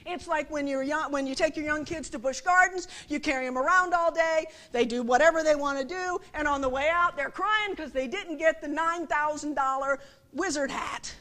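A woman's voice: high-pitched, normal speed, pushed and bright. A middle-aged woman giving a conversational sermon, often checking that listeners follow her with rhetorical questions. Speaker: preacher.

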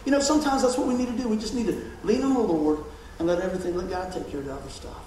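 A man's voice: high voice, fairly even intonation, very fast, warm tone, slight background noise. A man giving a casual sermon, chatty, laughing often and repeating his words. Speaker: pastor. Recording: echoey room, mic far off.

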